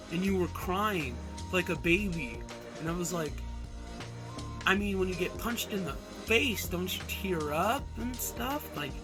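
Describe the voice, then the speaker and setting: Rambling young man telling a story. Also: a little high. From Alaska. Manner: rambling, animated, with lots of fillers and swearing. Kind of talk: casual storytime vlog. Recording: music playing behind.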